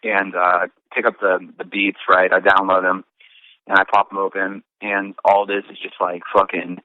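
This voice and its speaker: A man's voice: sits low, flat delivery, normal speed, slight background noise. A man, a rapper guest in a casual interview, telling rambling stories and swearing a lot. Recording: tinny phone-line sound.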